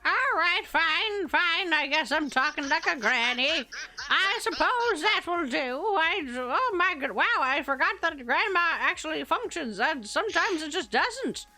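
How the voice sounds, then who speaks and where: A woman's voice: extremely high pitch, bright, forceful tone. Woman through a granny voice changer. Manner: exasperated, swearing, laughing. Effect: old-woman voice changer. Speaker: streamer and game developer. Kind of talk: casual live-stream chat while coding. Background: faint background music.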